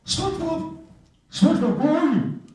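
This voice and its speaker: A man doing a high, frantic dim starfish. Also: expressive, moderate pace. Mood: panicked. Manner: shouting, panicky, crude. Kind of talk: improv comedy. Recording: echoey room, distant mic, faint noise.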